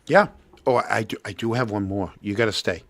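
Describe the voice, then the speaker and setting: A man hosting a casual livestream, talking in a halting way with many restarts. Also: fairly low pitch, no echo. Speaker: host.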